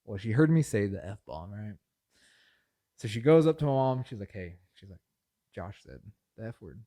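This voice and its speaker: A young man co-hosting a casual podcast, telling stories with lots of laughter and his voice jumping high when excited. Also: normal speed. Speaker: podcast co-host. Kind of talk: casual chat.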